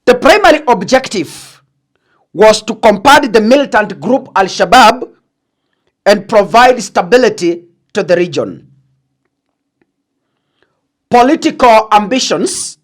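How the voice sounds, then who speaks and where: A woman with a Kenyan accent giving a political analysis monologue, deliberate and emphatic, slipping into Swahili phrases. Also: a little high, lively intonation. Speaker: political commentator.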